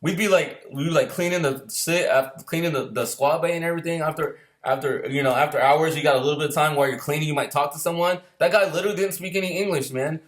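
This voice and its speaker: A man telling a casual anecdote about boot camp, profane and laughing often, who acts out yelling drill instructors. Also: fairly high pitch, fast talker, hardly any pauses. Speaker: storyteller recalling boot camp.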